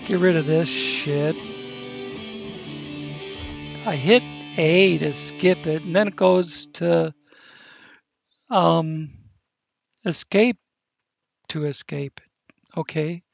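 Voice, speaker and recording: A man's voice: a little high, slow, gravelly, long pauses, muffled recording, faint music behind. A man hosting his gaming channel, rambling through gameplay commentary with self-corrections and crude asides. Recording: game vehicle engine noise underneath.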